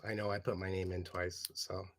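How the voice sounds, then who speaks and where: A man's voice: low voice, level tone, normal speed, fairly bright tone. A man with a Canadian accent co-hosting a live-stream, throwing in dry wisecracks and short affirmations. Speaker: co-host. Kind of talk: casual live-stream banter.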